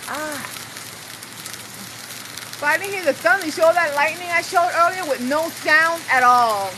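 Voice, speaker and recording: On an eighth-floor balcony in a thunderstorm, a woman holds her phone to film and narrates excitedly, gasping, exclaiming, and shrieking at nearby strikes. Her voice is extremely high, at a moderate pace with long pauses, and loud rain noise dominates the phone mic.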